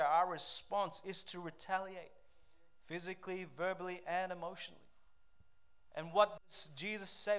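A man preaching a sermon with a lively, conversational delivery, full of quick asides and acted-out quotes. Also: high voice, smooth. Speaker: pastor.

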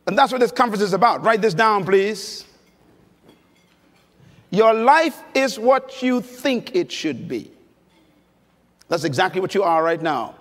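Pitched high with a fairly bright tone, a man preaches at a conference in an emphatic, storytelling style, prodding the crowd with questions. Long reverb from the big conference hall fills the recording.

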